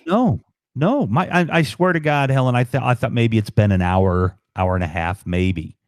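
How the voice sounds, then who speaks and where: A man on a late-night livestream, rambling and excited, with many ums, tired and up past his bedtime. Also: mid-range voice, normal speed, dry recording, clean studio sound. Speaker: guest on livestream. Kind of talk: casual chat.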